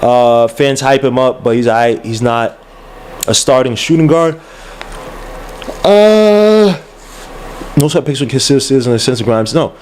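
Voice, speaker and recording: A man's voice: mid-range voice, measured pace, pauses often, darkish tone, slight background noise. A young man hosting a casual livestream podcast, ranting in a heated, exasperated way with slang, repeats and restarts. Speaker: podcast host.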